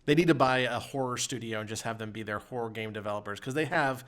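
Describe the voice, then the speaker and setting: A man's voice: medium pitch, fast talker, fairly bright tone. A man hosting a podcast, chatting casually with dry, wry humor and wrapping up the show. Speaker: podcast host. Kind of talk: casual chat.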